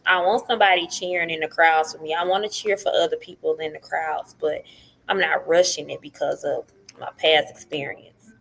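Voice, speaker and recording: This middle-aged podcast guest tells her story casually and animatedly, acting out what others said. Her low voice carries vocal fry, and she keeps a moderate pace.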